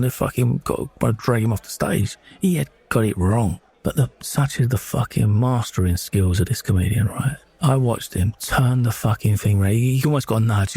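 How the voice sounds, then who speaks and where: Blunt, husky man telling a story. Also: fairly low pitch, a little mellow. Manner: blunt, profane, meandering with self-corrections. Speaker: narrator telling his own story. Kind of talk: unscripted storytelling monologue.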